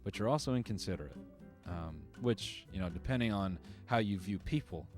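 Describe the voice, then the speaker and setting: A man's voice: fairly low pitch, animated, a little fast, a little mellow, faint music behind. A man hosting, riffing on viewer clips in wry, rambling comedic commentary full of fillers and restarts. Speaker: comedian host reacting to clips.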